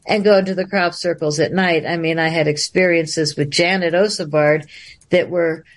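A woman guest on a livestream interview, telling a long story in an animated way and laughing often. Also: fairly low pitch, moderate pace.

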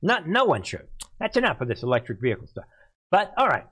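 A man hosting a solo commentary show, excitable and quick to laugh, often talking loudly to his audience. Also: fairly high pitch, husky. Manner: excitable, keeps laughing, calls the audience "people", gets loud. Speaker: channel host.

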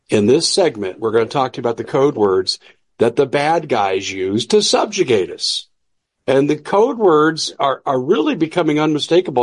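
A man hosting political commentary, talking in an emphatic, preachy and combative way. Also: mid-range voice. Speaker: host.

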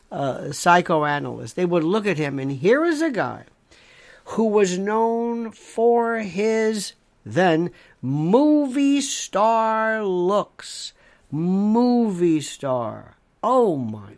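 Slow, gravelly, emphatic commentator. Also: mid-range voice. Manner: emphatic, piles up repeated phrases in lists. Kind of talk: monologue commentary.

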